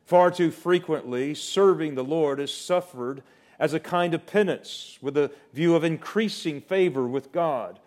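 A man preaching a sermon, swinging from loud, rising declarations to soft, slow, hushed passages. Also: a little high.

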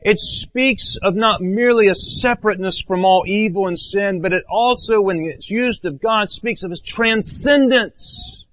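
A man preaching a sermon as pastor, earnest, swinging between raised emphatic phrases and low hushed ones. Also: a little slow, hardly any pauses.

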